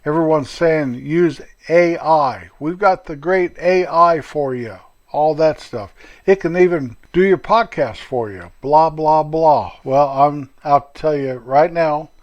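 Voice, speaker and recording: Older grandfatherly man, mid-pitched, folksy and rambling; solo podcast host. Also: a little mellow. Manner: folksy and rambling, chatty asides. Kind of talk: casual solo podcast monologue.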